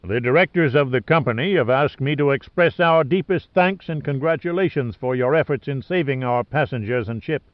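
A man's voice: medium pitch, a little fast, hardly any pauses, no echo, lightly acted. A man voicing a big, ruddy male ship captain who talks in an effusive, exclaiming way. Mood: formal. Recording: dull lo-fi dry recording.

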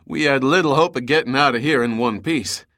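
A man reading an audiobook, voicing an earnest middle-aged geophysicist who explains in a low voice. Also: fairly quick, bright, forceful tone.

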